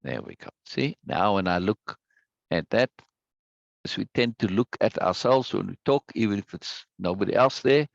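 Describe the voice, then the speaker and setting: A man's voice: lowish voice, animated, normal speed, vocal fry, no room sound, lo-fi sound. A man teaching an online self-help course in a conversational way, talking over a video call and repeating key words for emphasis. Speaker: course instructor. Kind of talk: recorded online lesson. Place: indoors at a computer. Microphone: webcam over video call.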